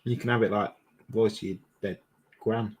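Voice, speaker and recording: A man's voice: on the low side, fairly even intonation, normal speed. A man co-hosting a casual livestream, chiming in with short, blunt, dry quips. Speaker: co-host. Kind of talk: casual chat.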